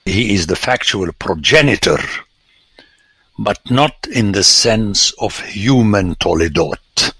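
A man, a priest, giving a lecture on scripture with animated, theatrical emphasis and sudden exclamations. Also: lowish voice, slow pace, husky, dry recording.

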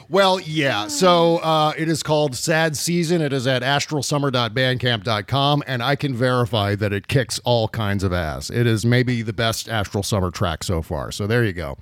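A man's voice: mid-range voice, moderate pace, a bit bright, dry recording. A man hosting a podcast in a jokey, upbeat way, half-singing his show intros. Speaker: podcast host. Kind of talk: casual podcast chat.

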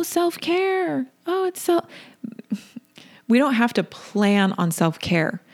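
A middle-aged woman hosting a solo wellness podcast, speaking in a soft, deliberate, affirming way and repeating key phrases. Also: fairly low pitch. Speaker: podcast host and wellness coach.

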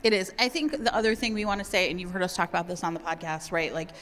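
A woman co-hosting a live podcast show on stage, chatty and quick with asides and laughs. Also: fairly low pitch, a bit bright. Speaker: podcast co-host. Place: large hall with live audience. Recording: long hall reverb, audience crowd.

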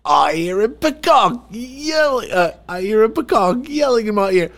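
A man's voice: high-pitched, big pitch swings, moderate pace, fairly bright tone, voice pushed up, exaggerated voice. A goofy male peacock squawks his storybook line in a broad Australian accent, as a man puts him on for his child. The voice leaps well above the performer's normal range and keeps breaking into laughter. It carries the silly energy of a bedtime read-aloud.

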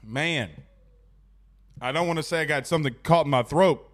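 A man's voice: a little high, normal speed, long pauses, a bit bright. A man hosting a casual live sports talk show, reading out viewer comments in a loose, chatty way while fighting the hiccups.

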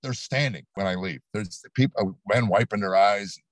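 Older man telling stories, low dry voice. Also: normal speed, no echo. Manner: animated storyteller, acts out quotes. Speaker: comedian guest. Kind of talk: storytelling interview. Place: studio set.

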